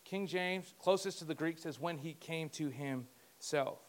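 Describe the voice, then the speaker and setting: A man's voice: fairly high pitch, measured pace. A man preaching a conversational sermon as pastor, joking and talking asides to himself.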